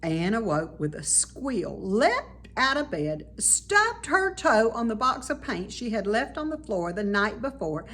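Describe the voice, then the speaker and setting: A woman, a teacher, reading a children's chapter book aloud with expressive storytelling. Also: fairly high pitch, unhurried, few pauses.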